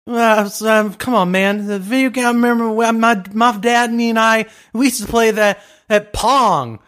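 A man's voice: high voice, fairly even intonation, moderate pace, a bit bright, pitched above the performer's own voice. A man impersonating a rambling, confused old male presidential candidate who halts, trails off and apologizes. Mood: muddled.

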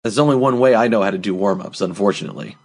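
With a lowish voice and rapid-fire delivery, the comedy podcast host jokes and banters, occasionally putting on a mock-grand, solemn manner.

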